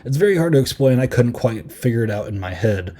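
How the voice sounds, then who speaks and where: A man's voice: mid-range voice, lively intonation, brisk, warm tone. A man hosting a podcast, telling a rambling, self-deprecating story in casual chat. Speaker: podcast host.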